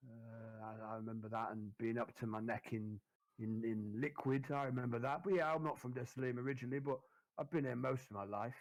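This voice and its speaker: A man's voice: mid-range voice, steady tone, a little fast, dry recording. A man playing in a tabletop game, talking loosely and rambling with fillers. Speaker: player. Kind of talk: casual in-character chat.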